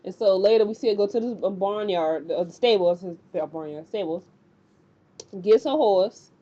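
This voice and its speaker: Chatty female recapper, slangy and loose. Mellow, slightly high voice on a dull lo-fi recording. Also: moderate pace. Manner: rambling and colloquial, acting out characters' lines. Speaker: TV recap vlogger. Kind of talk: casual episode recap.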